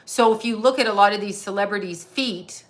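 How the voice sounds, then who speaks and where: A woman's voice: medium pitch, fairly quick. A middle-aged woman from Canada, hosting a casual livestream, rambling from tangent to tangent, swearing freely and answering chat comments as she goes. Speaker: psychic medium and livestream host.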